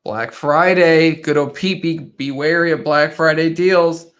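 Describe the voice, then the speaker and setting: A man's voice: a little high, fairly even intonation, unhurried, fairly bright tone. A man hosting a casual livestream, chatting and laughing often as he reads viewer comments. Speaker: livestream host. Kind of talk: casual live chat reading viewer comments. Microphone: desk microphone.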